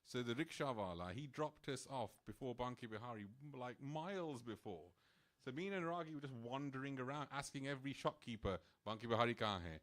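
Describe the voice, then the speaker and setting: A man, speaking at a temple program and telling a personal story in an animated, casual way, full of "like" fillers and little laughs. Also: medium pitch, a little fast.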